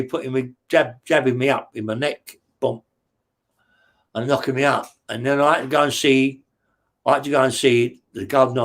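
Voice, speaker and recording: A man, at a middling pitch for a man, recounts his story in blunt, swearing-laden bursts. He rambles through restarts and punchy sound words, tagging nearly every phrase with a questioning "yeah?". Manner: blunt and profane, tags lines with "yeah?". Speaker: interview guest. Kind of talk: casual true-crime storytelling.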